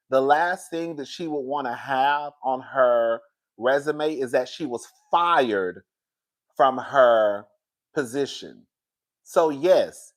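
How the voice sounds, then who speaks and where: A woman talking casually to her viewers on a live stream, reading their comments and getting loud and excited when she is worked up. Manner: animated, swings high and loud when worked up.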